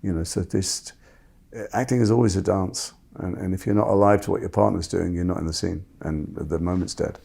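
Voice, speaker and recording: A man's voice: deep voice, steady tone, a little fast, creaky, dark tone. A middle-aged man, a guest actor talking reflectively and self-deprecatingly, often restarting his sentences. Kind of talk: reflective interview talk.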